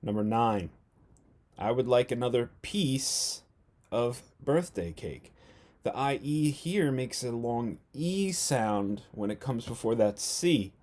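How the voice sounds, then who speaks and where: A man's voice: mid-range voice, animated, darkish tone. Man teaching phonics to young children. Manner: slow, clear, sounding out letters with exaggerated questions. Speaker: first grade teacher. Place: at home.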